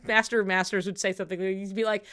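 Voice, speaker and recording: A woman's voice: medium pitch, fairly bright tone. A woman streamer chatting casually during a watch-along, rambling with lots of fillers, swearing and frequent laughter.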